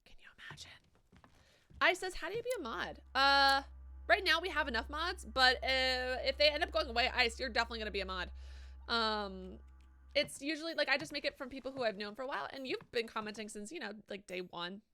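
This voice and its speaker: Bright-voiced, swearing woman streamer. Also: sits high, lively intonation, brisk. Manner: swears freely, reads chat aloud and reacts to it. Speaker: live streamer. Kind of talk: casual live-stream chat while gaming.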